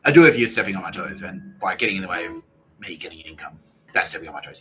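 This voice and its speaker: A man's voice: deep voice, rapid-fire, pushed and bright, slight background noise, low-quality recording. An Australian man in a profane, rambling podcast monologue, acting out what other people said. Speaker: podcast host.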